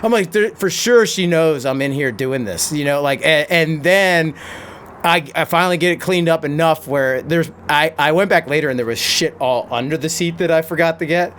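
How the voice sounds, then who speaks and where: Laughing, animated male storyteller. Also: on the high side, normal speed, a little hiss or hum. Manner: laughing, animated storytelling with crude language and many restarts. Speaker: podcast guest, pro BMX rider and stuntman. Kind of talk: casual storytelling.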